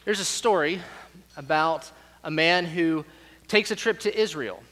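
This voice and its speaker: Male pastor, fairly high voice, chatty storytelling sermon, long church reverb. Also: a little slow, fairly bright tone. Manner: conversational, repeats words as he goes. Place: church sanctuary. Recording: reverberant hall.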